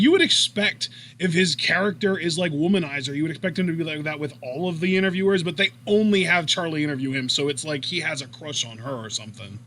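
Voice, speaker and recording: A man's voice: a little high, bright, forceful tone, a little hiss or hum. A young man co-hosting a casual wrestling chat, talking at length and laughing easily. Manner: chatty, rambling, laughs easily. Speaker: co-host.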